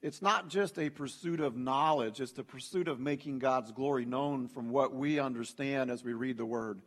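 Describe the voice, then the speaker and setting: A pastor preaching a sermon in an emphatic, conversational way, often addressing the congregation directly. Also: male voice, medium pitch, moderate pace. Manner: conversational preaching, emphatic, frequent "hey" and "you know".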